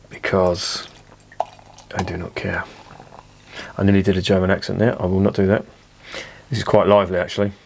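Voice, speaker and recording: A man's voice: low voice, darkish tone, slight background noise. A man giving a chatty, blunt beer review, swearing casually as he talks.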